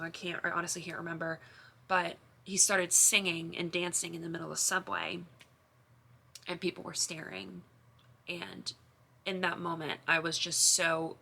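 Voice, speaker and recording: Bright-voiced young woman confessing to camera. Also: lowish voice, creaky. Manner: emotional, rambling with many restarts and fillers. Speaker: vlogger.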